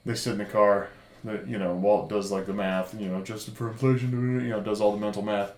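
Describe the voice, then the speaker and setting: A man's voice: on the low side, little pitch movement, fairly quick, a little mellow. Laughing man recapping a show. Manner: loose, laughing, full of fillers. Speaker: podcast co-host. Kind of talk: casual chat recapping a TV show. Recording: roomy echo.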